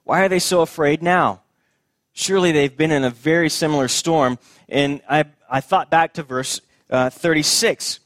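A man preaching a sermon as pastor, earnest and repeating his key phrases, dropping soft and low at tender moments. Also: moderate pace, dry recording, clean studio sound.

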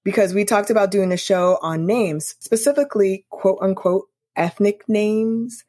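A woman's voice: medium pitch, measured pace, dark tone, dry recording, studio quality. A woman co-hosting a podcast, chatting casually and enthusiastically. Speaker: podcast co-host. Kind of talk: casual chat.

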